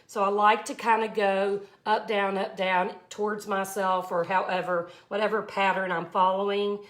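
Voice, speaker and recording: A woman's voice: medium pitch, flat delivery, moderate pace. A woman, chatting effusively as she teaches a live glass art tutorial. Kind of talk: casual live tutorial chat.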